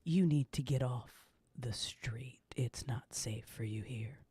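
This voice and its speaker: A woman's voice: extremely low pitch, slightly rough, dry recording, voice pushed down, heavily acted. Woman doing a whispering ghostly apparition. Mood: ominous. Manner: hushed, measured warnings. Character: cryptic apparition woman, calm and ominous. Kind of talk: whispered role-play.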